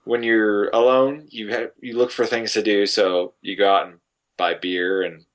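A man's voice: on the low side, flat delivery, a little slow. A young man co-hosting a podcast in casual chat, easygoing and dryly correcting his co-host.

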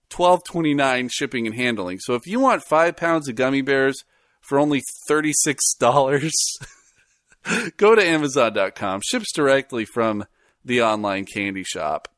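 A man hosts a casual podcast, rambling and laughing as he goes. His voice swings widely in pitch. The sound is dry and close. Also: moderate pace, no room sound. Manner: laughs often, animated and rambling. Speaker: podcast co-host. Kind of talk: casual chat.

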